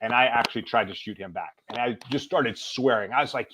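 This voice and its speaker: A middle-aged man, a podcast guest, tells a personal story in a casual, animated way and acts out the lines he quotes. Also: mid-range voice, brisk, few pauses.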